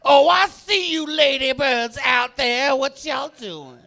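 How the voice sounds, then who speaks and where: A man's voice: very high voice, vocal fry, pushed and bright, pitched above the performer's own voice, exaggerated voice. A man putting on a crooning Papa Bird. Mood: seductive. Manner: slow, crooning, drawn-out come-on. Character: smooth-talking male bird courting females.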